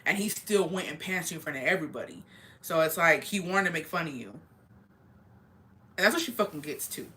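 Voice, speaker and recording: A woman's voice: sits low, expressive, a little fast, sharp tone. A young adult woman telling a school story in casual chat, rambling, blunt and full of swearing. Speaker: streamer.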